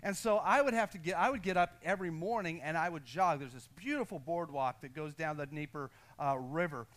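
In a church sanctuary, an American pastor preaches a sermon built around a personal story, his voice high for a man and a bit bright. He speaks in quick, restless bursts, laughs at himself, and calls on the congregation to answer back.

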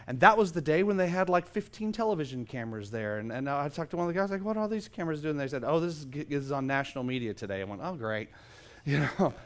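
A middle-aged man, a pastor, preaching a sermon in a church. He is emphatic, and his loudness swings suddenly as he stumbles into restarts. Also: on the high side. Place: church sanctuary.

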